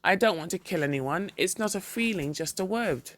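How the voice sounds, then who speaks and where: A reader voicing a depressed middle-aged husband who speaks in a slow, dull monotone, in a storybook reading. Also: medium pitch, lightly acted. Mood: flat.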